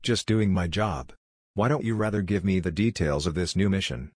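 A cool teenage masked killer who answers in flat, clipped words, read by a man. The voice sits low and husky. The sound is dry and close. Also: moderate pace, dry recording. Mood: calm. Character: calm, respectful teenage male masked assassin.

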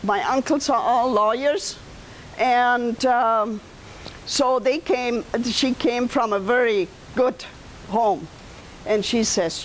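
A woman's voice: a little high, slow, slight background noise, low-quality recording. A woman in her seventies with a German accent, telling her life story to an audience in a conversational way, turning to listeners with asides. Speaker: guest speaker and author.

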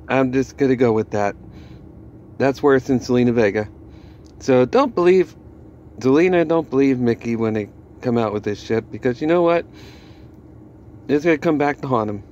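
A man's voice: medium pitch, darkish tone, lo-fi sound, slight background noise. A man ranting scornfully and with swearing as a wrestling vlogger. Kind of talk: ranting commentary.

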